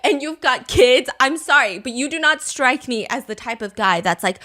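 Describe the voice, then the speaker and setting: A young adult woman hosting a podcast, retelling a dating show in animated, gossipy casual chat and swearing for emphasis. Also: high voice, moderate pace. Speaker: podcast host.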